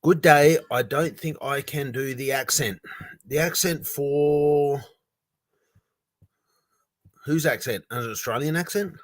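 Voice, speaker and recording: Male streamer, relaxed rambling chat, mid-range voice, dry close sound. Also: mid-range voice, slow pace, pauses often, no echo. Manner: rambling, chatty, reads viewer comments aloud. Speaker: livestream host. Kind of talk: casual livestream chat.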